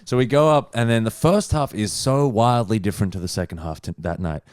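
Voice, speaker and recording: Comedian telling an animated story. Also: male voice, fairly low pitch, fairly quick, no echo, clean studio sound. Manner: animated, swears freely, acts out other people's lines. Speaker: stand-up comedian. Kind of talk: casual chat storytelling.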